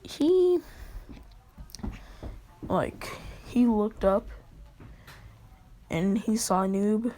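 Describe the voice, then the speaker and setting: A woman's voice: mid-range voice, very animated, drawn-out words, long pauses, dark tone, a little hiss or hum. A woman casually telling a fan story for a video, rambling and filling gaps with asides and "like" and "uh". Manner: rambling, full of fillers and asides.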